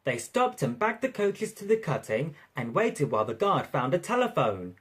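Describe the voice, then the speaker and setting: A narrator reading a railway storybook aloud in an expressive, lively way. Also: medium pitch, moderate pace, breathy edge.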